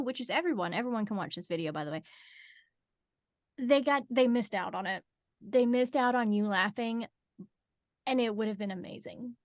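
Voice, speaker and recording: A woman's voice: on the high side, no room sound, studio quality. A woman co-hosting a casual book chat over a video call, teasing and joking. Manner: teasing, joking, drawn-out speech. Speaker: podcast co-host.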